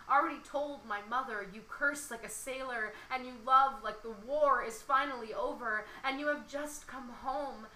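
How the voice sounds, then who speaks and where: A woman's voice: on the high side, roomy sound, slight background noise, poor audio. A young woman reading a love poem aloud with feeling, then chatting about it casually as a podcast co-host. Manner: expressive dramatic reading, then chatty with many "like"s. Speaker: podcast co-host discussing poetry. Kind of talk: poetry reading and casual chat.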